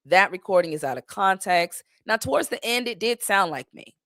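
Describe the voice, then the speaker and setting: A woman's voice: medium pitch, lively intonation, normal speed, fairly bright tone, dry recording, clean studio sound. A woman in her thirties hosting a casual livestream Q&A, candid and blunt. She swears freely and laughs often. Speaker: livestream host.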